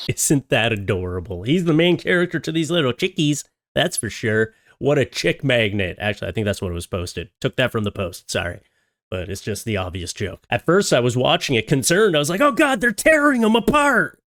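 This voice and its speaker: A man from Canada hosting a commentary vlog in his thirties, his voice sitting at a middle pitch. He talks with sarcastic, jokey asides and laughs at his own lines. The sound is dry and close, with no room around it. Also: sing-song, brisk, dry recording. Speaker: YouTube commentary host. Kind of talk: casual reaction commentary.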